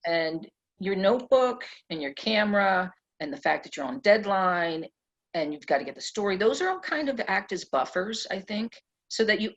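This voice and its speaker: A middle-aged woman being interviewed at a press club event, telling animated stories and laughing often. Her voice is low, gravelly and husky. The recording sounds dull and lo-fi. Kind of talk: conversational storytelling.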